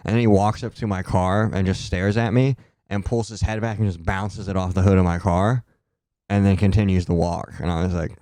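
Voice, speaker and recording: A young man from Ohio, a comedian guest, tells stories in a laid-back way, laughing easily and swearing freely. His voice sits on the low side. It is recorded dry and close. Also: steady tone, a little fast, warm tone, no echo. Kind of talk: casual storytelling chat.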